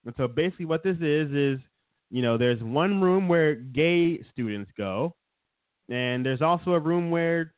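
A man's voice: fairly high pitch, lively intonation, measured pace, no echo. Sarcastic man on a tinny line. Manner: sarcastic, mocking, laughs often. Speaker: podcast co-host. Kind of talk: casual political chat. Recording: dry, tinny phone-like sound.

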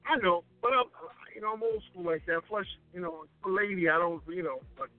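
A man telling a casual story in chat, animated and acting out the voices of the people he quotes. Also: sits high, a little fast. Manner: animated, acts out quoted lines. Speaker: guest DJ. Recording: tinny phone-line sound with faint music.

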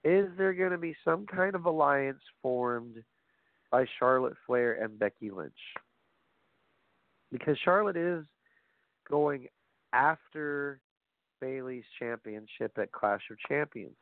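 A man's voice: mid-range voice, takes it slowly, pauses often, no room sound. Ranting man on a lo-fi, phone-like line. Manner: profane, ranting, animated asides. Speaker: wrestling commentary host. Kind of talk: casual opinionated wrestling talk. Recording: phone-like lo-fi audio, dry.

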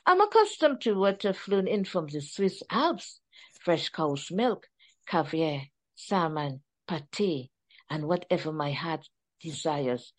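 A woman with a Trinidadian accent reading aloud from her book in the voice of a pampered, aristocratic male house cat, slow and grand. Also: sits low, expressive, heavily acted. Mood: haughty.

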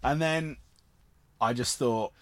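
A man's voice: medium pitch, slow, fairly bright tone, no room sound. A man from Cornwall, a guest on an interview show who tells long, rambling stories and laughs often. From Cornwall, England. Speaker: guest actor. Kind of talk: casual interview storytelling.

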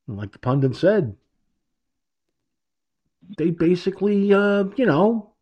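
Male online radio host; slow, lively-pitched sarcastic rambling monologue, dull lo-fi home mic. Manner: rambling, sarcastic, repeats himself. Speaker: internet radio talk show host. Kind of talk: opinionated political monologue.

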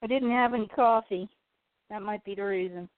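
A woman's voice: mid-range voice, a little fast, no room sound. A woman co-hosting a casual chat, yawning often and apologizing for being tired. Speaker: co-host of a toy collecting show. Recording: phone-like narrow audio.

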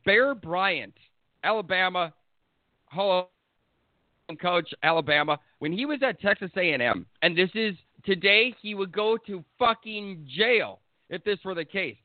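A man with a high voice rants about sports, blunt, heated and full of swearing. His audio is thin and tinny, as if it came over a phone line. The sound is dry, with no room around it. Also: expressive, a little slow, dry recording. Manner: blunt, profane, heated ranting. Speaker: sports podcast host. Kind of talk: opinionated sports talk rant.

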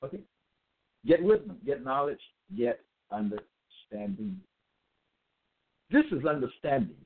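A man delivers a religious monologue at a middling pitch, reading scripture aloud and hammering home each point. He repeats himself emphatically and slows down on the words he stresses. The sound is thin and tinny, as if over a phone line. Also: big pitch swings, breathy edge.

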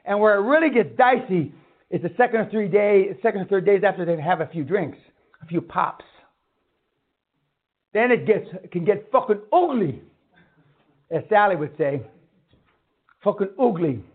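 A man's voice: high voice, moderate pace. A man giving a blunt, profane motivational lecture at a seminar, swearing and ranting. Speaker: seminar speaker on radio. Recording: tinny phone-like line.

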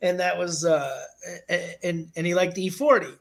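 A man in his forties, a music manager and guest on an interview show, telling stories in a casual, animated way and laughing often. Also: high voice, normal speed, vocal fry.

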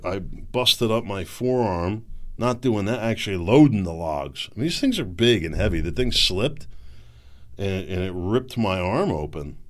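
A middle-aged man hosting a show, talking in a rambling, folksy way and often stumbling over repeated words. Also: on the low side. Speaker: podcast host. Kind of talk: casual monologue.

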